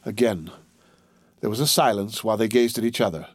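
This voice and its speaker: A man narrating an audiobook in a steady, measured reading. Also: on the low side, breathy edge, no room sound, studio quality.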